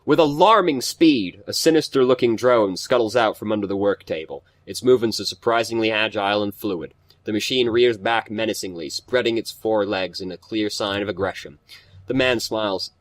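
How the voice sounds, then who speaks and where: A man's voice: fairly low pitch, a little fast, no room sound. Casual man reading game text aloud. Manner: casual, swears, stumbles over words while reading. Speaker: let's play host.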